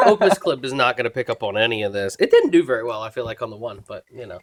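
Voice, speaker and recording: A man co-hosting a comedy podcast, swearing a lot and slipping into loud mock rants. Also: mid-range voice, sing-song, fast. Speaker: podcast co-host. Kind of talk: crude comedic banter.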